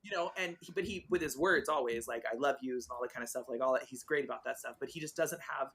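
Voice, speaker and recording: A woman's voice: very deep voice, fast, a bit bright, slightly rough. A woman in her forties, a guest author chatting casually on a podcast, telling stories animatedly, acting out the dialogue and swearing freely.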